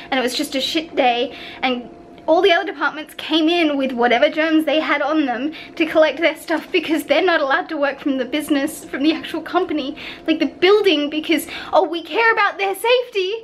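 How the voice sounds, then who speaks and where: A woman's voice: high-pitched, a little fast, a little hiss or hum, poor audio. A woman vlogging from her apartment, talking in a candid, rambling way and swearing freely. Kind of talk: casual vlog chat to camera. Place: at home in an apartment.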